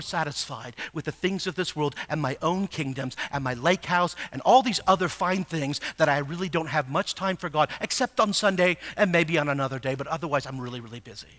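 A man preaching a sermon, moving from hushed murmured questions to shouted, emphatic exhortation. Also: on the high side, a little fast, hardly any pauses. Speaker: pastor.

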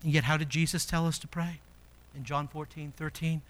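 A male pastor preaching a sermon, emphatic, his delivery swinging between hushed, quiet passages and loud, forceful ones. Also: a little high, flat delivery, fairly quick.

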